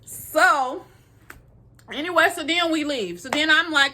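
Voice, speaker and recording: A young adult woman from Illinois telling a dating story to her viewers in a casual, animated way, laughing often. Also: high-pitched, a little slow. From Illinois, USA.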